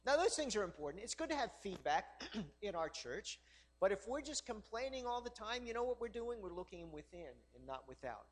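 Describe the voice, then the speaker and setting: A man preaching a sermon in a church in a high voice for a man. His delivery is conversational and teasing, with half-joking asides and frequent 'all right?' tags to the congregation. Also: sing-song, fairly quick. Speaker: pastor.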